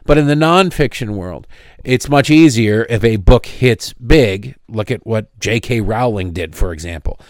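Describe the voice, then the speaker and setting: A man's voice: lowish voice, animated, a little slow, no room sound, clean studio sound. A middle-aged man hosting a political talk show, delivering an opinionated monologue with sarcastic asides and tangents. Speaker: radio talk show host.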